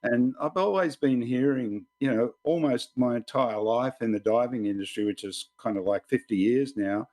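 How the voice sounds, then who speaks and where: Older Australian man, guest on a podcast interview, steady mid-range voice, reflective and explanatory, long rambling sentences. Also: medium pitch, moderate pace, few pauses. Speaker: guest columnist.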